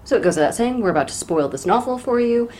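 A woman's voice: fairly high pitch, lively intonation, fast talker, a little mellow, slight background noise. A woman co-hosting a podcast who chats casually about a novel with wry, joking asides. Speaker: podcast co-host. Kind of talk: casual book discussion.

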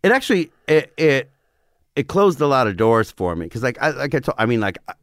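A man's voice: medium pitch, very animated, fairly quick, dry recording, studio quality. A man in his forties from northern Florida, telling a story in a casual, profane way and acting out the quotes. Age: 40s. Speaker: podcast guest.

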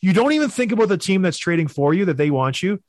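A man, a former hockey player, co-hosting a casual sports talk show and telling stories with animated emphasis. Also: high-pitched, fast talker, no room sound, studio quality.

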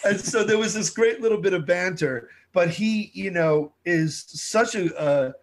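A man tells stories in a relaxed interview, voicing the people he quotes. His voice sits a little high for a man. His delivery is lively and conversational. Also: a little slow, slight background noise. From New York. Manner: animated storyteller, acts out quotes. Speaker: TV food show host, guest.

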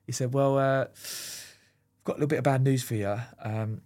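Rambling former goalkeeper. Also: male voice, medium pitch, normal speed. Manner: rambling, animated storyteller with many fillers and restarts. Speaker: former goalkeeper, podcast guest. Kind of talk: casual storytelling chat.

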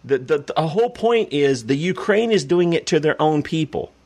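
A man's voice: a little high, lively intonation, normal speed, a little mellow. A man hosting a radio talk show, delivering emphatic, indignant political commentary.

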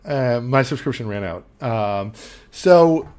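A man's voice: medium pitch, expressive, slow pace, a little mellow. A man co-hosting a podcast, recapping a film in casual chat and rambling with lots of ums. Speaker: podcast co-host.

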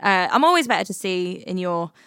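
A woman's voice: fairly low pitch, sing-song, a little fast, a bit bright, smooth, no room sound, studio quality. A young woman from England co-hosting a podcast, bubbly and playful, laughing often and breaking into sing-song bits. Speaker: podcast co-host. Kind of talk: giddy casual chat.

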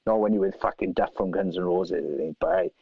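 A man from South Wales with a Welsh accent, telling animated, profane anecdotes and acting out other people's lines. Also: low voice, brisk, gravelly, husky, no room sound. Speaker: guest musician. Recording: dry, slightly dull lo-fi sound.

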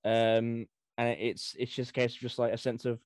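A man's voice: mid-range voice, normal speed, no echo. A man with a mid-range voice, co-hosting a history podcast. He tells anecdotes in an easygoing way, with plenty of ums and sort-ofs. The recording is dry and close. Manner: relaxed anecdotal storytelling with fillers. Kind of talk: casual conversation.

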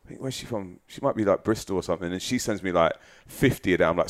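A low-pitched man chats as a podcast guest. He tells candid stories about himself, pokes fun at himself and swears freely along the way. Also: fast talker. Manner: candid, self-deprecating storyteller who swears freely. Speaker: guest musician. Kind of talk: casual podcast chat.

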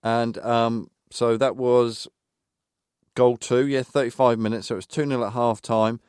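A man's voice: medium pitch, little pitch movement, measured pace, a little mellow, clean tone, no room sound. Casting: male podcast co-host, match recap from notes, dry close recording. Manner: recaps goals and minutes from notes. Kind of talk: casual football chat, recapping a match.

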